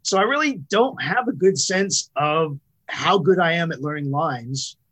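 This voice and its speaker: Husky, slightly high-voiced man. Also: expressive, unhurried, fairly bright tone. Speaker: podcast co-host. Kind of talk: casual podcast chat.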